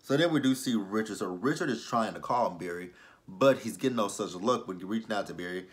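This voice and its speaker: Chatty low-voiced man recapping a show. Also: animated, a little fast. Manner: chatty, loose, with many fillers. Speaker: TV show reviewer. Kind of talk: casual episode recap.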